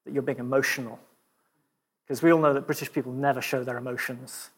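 A middle-aged man preaching a sermon, animated with frequent stumbling restarts, then praying softly to close. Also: mid-range voice, fast, husky. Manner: animated, stumbling restarts, dropping to a hushed prayer.

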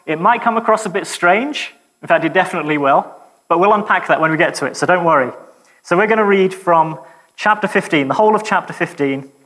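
A man preaching a sermon in a lively, conversational way, with joking asides to the congregation. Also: on the high side, big-room sound.

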